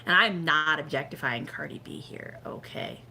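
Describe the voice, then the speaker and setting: A woman's voice: sits low, normal speed, pushed and bright, whispered. A middle-aged woman chatting casually on a live stream, rambling with lots of "like" and "you know" as she gives fortune readings.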